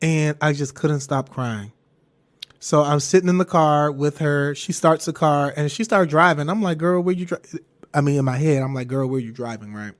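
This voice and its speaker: A man hosting a podcast, telling a personal story in a candid, rambling, animated way with some swearing. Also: on the high side, moderate pace. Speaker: podcast host.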